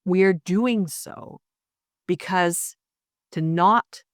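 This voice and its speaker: A woman's voice: on the low side, very slow, no echo, studio quality. A middle-aged woman co-hosting a podcast, speaking in an emphatic, motivating way and stacking up repeated phrases. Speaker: podcast co-host, artist. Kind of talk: casual podcast chat.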